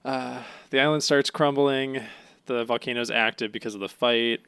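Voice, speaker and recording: A young man on a casual podcast, rambling loosely through a recap and laughing often. His voice is bright and forward, and it sounds close and dry. He pitches in at an everyday middle register. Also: steady tone, normal speed, smooth, no room sound. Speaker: podcast co-host. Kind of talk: casual chat recapping an anime.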